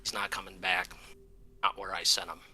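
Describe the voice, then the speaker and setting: A man voicing a smooth-talking male rogue in a tabletop game. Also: low-pitched, little pitch movement, moderate pace, sharp tone, exaggerated voice. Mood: defiant.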